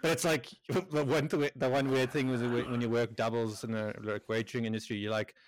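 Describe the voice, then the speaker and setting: A man's voice: medium pitch, brisk. A man telling work stories in a casual podcast chat, swearing freely and laughing as he talks. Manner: animated storyteller, swears freely, laughs a lot. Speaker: podcast co-host.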